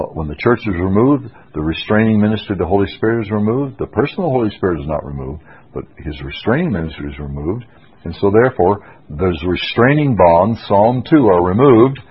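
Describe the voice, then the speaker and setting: Husky deep-voiced preacher on lo-fi radio. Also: male voice, lively intonation, brisk. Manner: emphatic, rising to forceful insistence. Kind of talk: expository Bible sermon. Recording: dull lo-fi radio broadcast.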